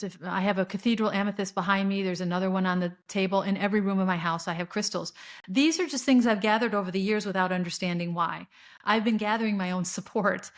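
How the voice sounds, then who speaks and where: Earnest rambling woman podcaster. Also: medium pitch. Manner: earnest, rambling, with frequent fillers and restarts. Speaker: podcast host. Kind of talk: spiritual monologue.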